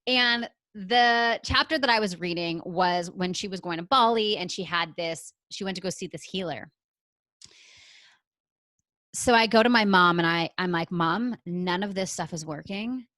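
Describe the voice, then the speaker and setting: Woman from Canada, podcast guest, animated storytelling, low voice, dry room. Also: normal speed, dry recording, rough recording. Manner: animated, acts out her own past lines. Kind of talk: storytelling interview answer.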